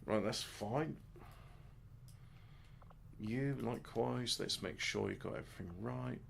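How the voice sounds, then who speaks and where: A man's voice: mid-range voice, slow, vocal fry, a bit bright, a little hiss or hum. A man muttering his way through a game in casual let's play commentary, with crude offhand jokes. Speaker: gamer.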